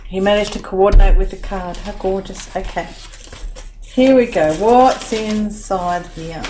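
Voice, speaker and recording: A woman's voice: mid-range voice, measured pace, noisy background. A woman filming a crafting unboxing vlog, gushing and tearful with lots of oohs and wows. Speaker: crafting vlogger.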